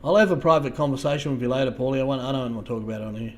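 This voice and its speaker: An Australian man hosting a casual livestream, talking to viewers in a halting way, repeating words and trailing off softly. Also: mid-range voice. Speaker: livestream host.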